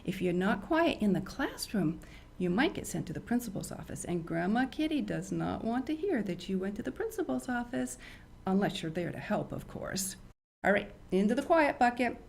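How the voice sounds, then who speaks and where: An older woman hosting a children's show, teaching young kids in an animated, teacherly way and asking them questions. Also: a little high, moderate pace, gravelly, a little hiss or hum.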